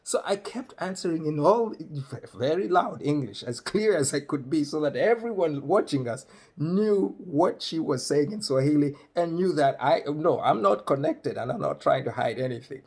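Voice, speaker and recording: A man's voice: on the high side, normal speed, slightly rough. A man from Malawi, telling a comic story on stage and acting out the people in it. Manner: animated, acts out characters. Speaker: stand-up comedian.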